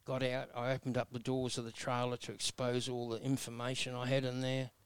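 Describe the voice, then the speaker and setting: Man, 60s, Australian accent, folksy storyteller, flat even delivery, smooth clear tone. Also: medium pitch, fairly quick, dry recording. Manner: blunt, earnest, folksy with mild self-mocking humor. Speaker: guest. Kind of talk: personal storytelling interview.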